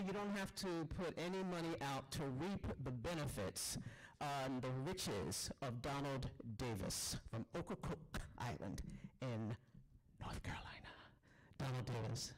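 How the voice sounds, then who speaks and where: A man's voice: mid-range voice, expressive, a little hiss or hum, poor audio. Chatty male festival emcee. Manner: chatty, with filler pauses. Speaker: festival host. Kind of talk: casual emcee introduction.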